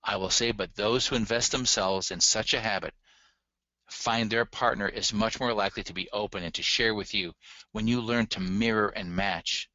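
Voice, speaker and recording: A man lectures earnestly, speaking straight to his listeners with firm emphasis. His voice is bright and forceful but sits a little low. The recording is dry and slightly dull. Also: fairly even intonation, normal speed, no room sound. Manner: earnest, emphatic, addresses audience directly. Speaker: relationship communication instructor.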